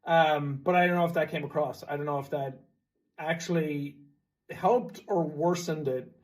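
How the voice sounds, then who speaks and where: Chatty Irish man, slightly high voice. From Ireland. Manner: chatty, reflective, self-deprecating. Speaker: YouTuber. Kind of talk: casual talking-to-camera explanation.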